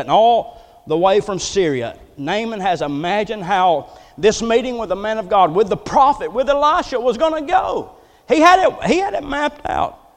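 A man pastoring a church, preaching a folksy sermon, joking and then building to loud passages. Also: high-pitched, big-room sound.

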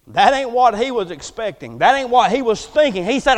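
High-voiced preacher in a reverberant hall. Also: male voice, sing-song, fairly quick, hardly any pauses. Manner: folksy, joking, swings from soft asides to loud preaching. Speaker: pastor. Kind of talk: sermon.

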